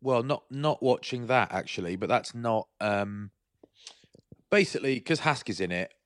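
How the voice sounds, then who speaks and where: A man's voice: medium pitch, lively intonation, moderate pace, no room sound. Teasing man in dry banter. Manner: teasing, self-mocking banter. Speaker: podcast co-host. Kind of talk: casual chat.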